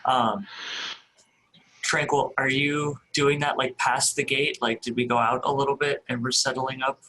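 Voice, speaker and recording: A man's voice: mid-range voice, flat delivery, a little slow, bright, forceful tone, poor audio. A man speaking casually as a player in a tabletop game, hesitant with fillers.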